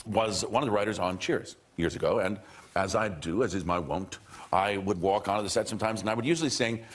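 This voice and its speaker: A man's voice: fairly low pitch, brisk. A man, a guest on a talk show, telling an anecdote in a theatrical way with a studio audience behind him. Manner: theatrical storyteller, slips into put-on voices. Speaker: guest actor.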